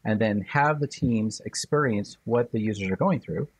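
A man working as a user experience consultant, explaining his job in an even way on a podcast. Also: fairly low pitch, moderate pace, slightly rough, no echo. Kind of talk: casual podcast interview.

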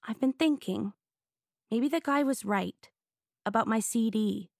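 A woman voicing an eager, determined young girl in an audiobook, speaking brightly and earnestly. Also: on the high side, unhurried, vocal fry, no room sound, studio quality.

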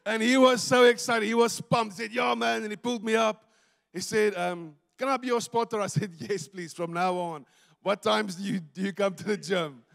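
A man's voice: high-pitched, moderate pace, gravelly, fairly bright tone. A South African man preaching a sermon as a pastor, telling a story animatedly, acting out the dialogue and breaking into laughter. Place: church stage. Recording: long church hall reverb.

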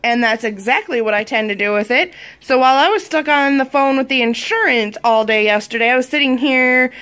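Her voice is high, clean and a bit bright, and she talks a little fast. She's a Wisconsin woman in her thirties, from the United States, gushing and giggling while showing off mail in a casual show-and-tell vlog.

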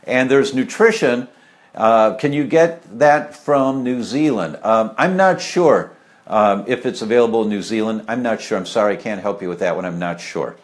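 A middle-aged man with a lowish voice talks casually and live about health at a moderate pace, rambling with many fillers and asides as he answers viewer questions.

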